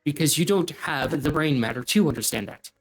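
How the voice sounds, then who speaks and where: A man's voice: on the high side, lively intonation, fairly quick, husky, soft background music, low-quality recording. A man voicing an arrogant, scheming male scholar who speaks in a formal, cutting and pompous way. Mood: condescending.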